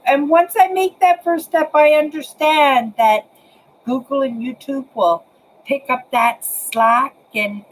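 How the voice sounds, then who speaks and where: A woman's voice: fairly low pitch, a little hiss or hum, low-quality recording. A woman in her sixties talking casually to her webcam at home, rambling and repeating words as she speaks to her viewers. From Canada. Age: 60s. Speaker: vlogger. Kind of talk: casual talk to camera. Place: apartment, indoors.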